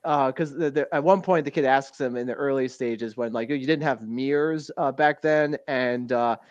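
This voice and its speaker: A man's voice: mid-range voice, normal speed, no echo, highs cut off. A man co-hosting a casual podcast, rambling and laughing often as he recounts scenes. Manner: rambling, laughs often, quotes lines in a put-on voice. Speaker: podcast co-host. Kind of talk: casual chat.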